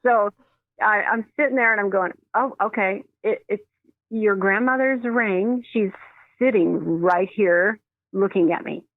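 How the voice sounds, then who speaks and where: A woman's voice: medium pitch, measured pace, dry recording. Woman telling stories over a tinny phone line. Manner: animated, acts out quoted voices, laughs often. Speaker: medium. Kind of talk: storytelling in a phone interview.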